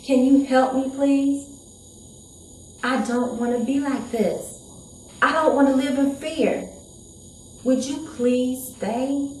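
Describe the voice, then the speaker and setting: A woman's voice: sits high, steady tone, slow pace, pauses often, a little mellow, a little hiss or hum. An actress performing dramatic poems as an abused young woman, with a raw, pleading delivery. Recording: echoey room.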